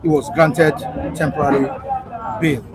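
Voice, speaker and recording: A man hosting a live talk show, briskly reading out viewer comments with frequent fillers. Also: a little high, steady tone, over loud music, rough recording.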